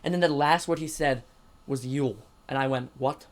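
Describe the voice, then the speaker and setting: A man's voice: medium pitch, fairly even intonation, moderate pace. A man co-hosting a casual sports podcast, talking in an eager, rambling way about a match. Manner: eager, rambling fan talk. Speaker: podcast co-host.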